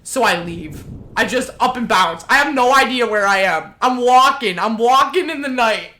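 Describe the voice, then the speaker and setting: A woman's voice: on the high side, expressive, moderate pace, pushed and bright. A young woman co-hosting a podcast, telling a story in brash, profane casual chat and acting out the voices of the people in it. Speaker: podcast co-host.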